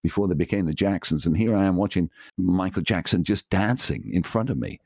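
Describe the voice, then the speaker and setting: Brief: English male DJ in his sixties, very low voice, lively storyteller on a dry remote line. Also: fairly quick, no room sound. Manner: enthusiastic, acts out quoted voices. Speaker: guest, DJ. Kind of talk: anecdotal interview storytelling.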